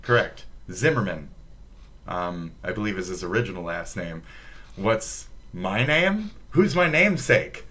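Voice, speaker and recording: A man's voice: deep voice, very animated, a little slow, sharp tone. A man from Minnesota with a Minnesotan accent, chatting profanely and rambling on a livestream. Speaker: streamer. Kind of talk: casual livestream chat.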